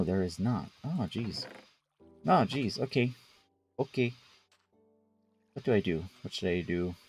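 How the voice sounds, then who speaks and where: A man's voice: mid-range voice, breathy edge. A man streaming a game live, chatting playfully and bantering with the game's creatures as he plays. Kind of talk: live gameplay commentary.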